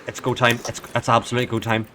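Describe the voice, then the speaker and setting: A man streaming a racing management game, commenting in a frantic, pleading way that swings from hushed to yelling. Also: medium pitch, monotone, fast, slight background noise. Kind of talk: excited live gameplay commentary.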